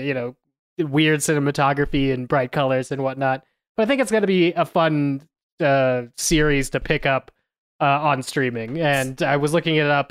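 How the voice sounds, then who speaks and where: A man with a smooth, clear voice talks through a film review, rambling and hesitant. The sound is dry and close. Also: on the high side, no echo. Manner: rambling, hesitant, many fillers. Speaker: podcast co-host. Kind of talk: casual film review chat.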